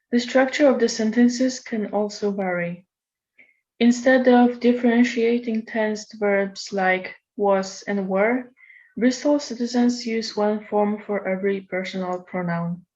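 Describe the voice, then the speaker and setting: Woman explaining slide by slide, calm and measured, mid voice, bit dull lo-fi sound. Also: medium pitch. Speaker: presenter. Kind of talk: recorded lecture presentation. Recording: slightly dull lo-fi recording.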